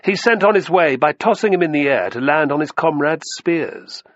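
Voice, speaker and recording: A man voicing a smug, condescending aristocratic Roman politician in an audiobook reading, with a raised, loud, drawling delivery. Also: a little high, lively intonation, moderate pace, dry recording, muffled recording, voice pushed up.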